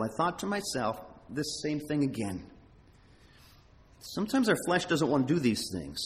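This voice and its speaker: A man preaching a sermon as pastor, emphatic and animated, with halting restarts. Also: fairly high pitch. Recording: long hall reverb.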